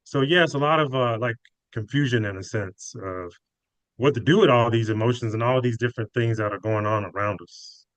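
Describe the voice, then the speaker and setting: A man's voice: medium pitch, fairly quick, a bit bright, no echo, poor audio. A man co-hosting a podcast, answering in a thoughtful, reflective way. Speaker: podcast co-host. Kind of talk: casual spiritual chat.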